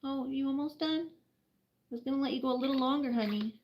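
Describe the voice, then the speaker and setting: A woman hosting a casual late-night livestream at home, chatting and laughing often as she bathes a bird, slipping into high baby talk. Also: fast, highs cut off. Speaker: livestream host caring for animals. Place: home at night, bathing a bird near a couch.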